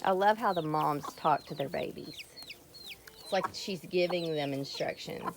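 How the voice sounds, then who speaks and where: A woman's voice: low-pitched, measured pace. A woman chatting casually in a farm vlog, talking to and teasing her animals. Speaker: farm vlogger. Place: outdoor farmyard with chickens and goats. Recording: noisy outdoor farmyard, clucking chickens. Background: chickens clucking.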